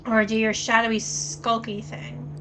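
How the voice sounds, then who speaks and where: A woman streaming a story game, reading its text aloud and thinking out loud in a casual way, with plenty of swearing. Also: on the high side, little pitch movement, measured pace, slight background noise, poor audio.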